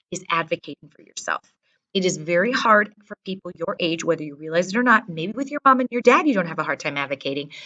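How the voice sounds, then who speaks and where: Female teacher, firm and direct, mid-pitched voice, distant mic pickup. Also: fairly bright tone. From American Midwest. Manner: direct, instructive, often checks in with "okay?". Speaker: Spanish teacher. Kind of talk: classroom briefing to students.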